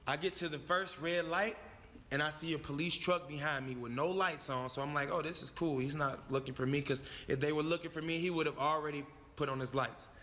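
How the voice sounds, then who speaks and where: A young man tells his story in a heated, profane, emphatic voice. His voice sits high and sounds sharp and forceful. A long reverb trails after his words. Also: fairly even intonation, fairly quick. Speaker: YouTuber telling his story. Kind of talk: animated storytelling.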